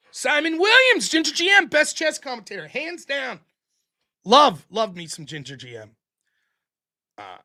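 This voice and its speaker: A man with a Pittsburgh accent, hosting a live stream and rambling casually with swearing. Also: sits high. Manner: rambling, profane, lively. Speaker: livestream host.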